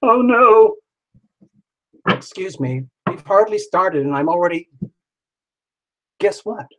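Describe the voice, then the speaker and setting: A man's voice: high-pitched, lively intonation, unhurried, poor audio. A man hosting a live tarot stream, who talks playfully and jokes around with sing-song asides. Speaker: tarot reader hosting a livestream.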